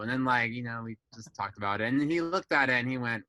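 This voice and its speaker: A young man chats on a podcast in a bright, forward tone, recorded dry and close. He tells family stories candidly, swears freely and acts out his relatives' lines in a raised voice. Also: mid-range voice, lively intonation, quick pace, dry recording, low-quality recording. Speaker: guest. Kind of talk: casual podcast chat.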